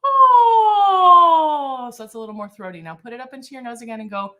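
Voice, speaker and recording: A woman vocal coach leading a live-streamed singing warm-up, talking in a relaxed, chatty way with many fillers and breaking into high sung exercises. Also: rapid-fire, narrow, tinny audio.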